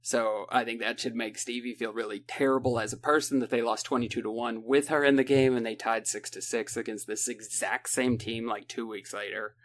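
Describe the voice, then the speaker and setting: A man in casual podcast chat, recapping a book in a rambling, sarcastic way and mimicking the characters in quick asides, with a lilt. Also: medium pitch, fairly even intonation. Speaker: podcast co-host.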